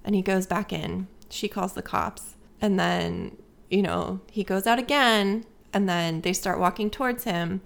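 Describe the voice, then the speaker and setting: Speak as a woman in the middle of a relaxed podcast chat, recapping a film scene by scene. She talks loosely and keeps going, with plenty of fillers and casual swearing, and her pitch sits in an ordinary middle range. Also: measured pace, creaky. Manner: chatty storytelling, swears freely, lots of fillers. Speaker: podcast co-host. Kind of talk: casual chat, movie review.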